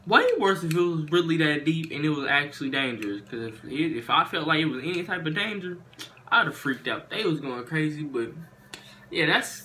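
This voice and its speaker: A man's voice: fairly high pitch, sharp tone, slight background noise. A young man telling a storytime story to his viewers in casual slang, animating and exaggerating as he goes. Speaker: YouTuber.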